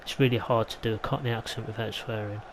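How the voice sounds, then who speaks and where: Flat-voiced English man commentating a game. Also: on the low side, quick pace, slight background noise, low-quality recording. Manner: chatty, rambling, mild asides. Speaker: gaming YouTuber. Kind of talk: casual gameplay commentary.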